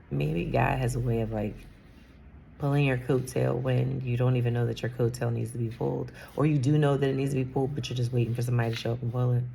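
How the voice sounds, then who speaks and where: A woman's voice: extremely low pitch, gravelly, mellow, a little hiss or hum. A woman in her fifties, a salon owner, talking candidly and rambling a little in a personal vlog, sometimes dropping to a whisper. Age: 50s.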